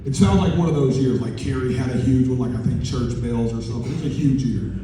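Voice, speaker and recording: A man chatting excitedly and slangily on stage, laughing often. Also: mid-range voice, fast talker, slight background noise. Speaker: musician interviewing another on stage. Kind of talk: excited interview chat before a live audience. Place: large conference hall. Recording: echoey hall, distant mic.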